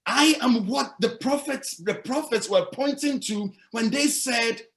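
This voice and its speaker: A man's voice: very high-pitched, a little slow, fairly bright tone. A male pastor preaching a sermon, emphatic and repetitive, asking the congregation rhetorical questions.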